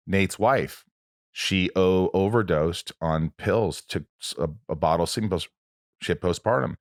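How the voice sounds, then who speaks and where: A man's voice: low-pitched, moderate pace, no echo, clean studio sound. A man hosting a podcast in casual conversation, blunt and emotional, swearing freely. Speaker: podcast host.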